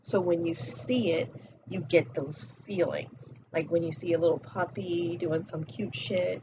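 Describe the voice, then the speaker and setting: A woman's voice: on the low side, steady tone, a little slow, lo-fi sound, a little hiss or hum. A woman giving a casual motivational talk as a spiritual coach, blunt and profane, repeating her key phrases.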